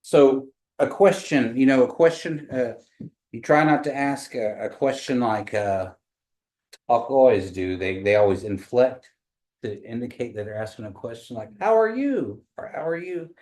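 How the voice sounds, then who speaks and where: A man from Oklahoma teaching a small language class, patiently explaining pronunciation and repeating phrases slowly. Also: mid-range voice, a little mellow, low-quality recording. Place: meeting room with a small class.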